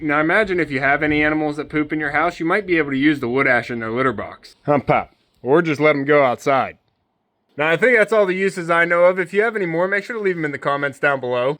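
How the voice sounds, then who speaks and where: A man with a fairly high, bright, forward voice hosts a casual homestead vlog. He coaxes his birds and dog in a gentle sing-song. Then he turns to the viewer and explains his farm methods in a relaxed, practical way. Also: no room sound. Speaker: homesteader and channel host.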